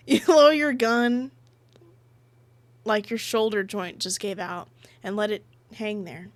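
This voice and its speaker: A woman's voice: mid-range voice, fairly even intonation, slow pace, long pauses. A woman streamer reading a visual novel aloud, narrating in second person and breaking off with giggly, chatty asides. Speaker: game streamer.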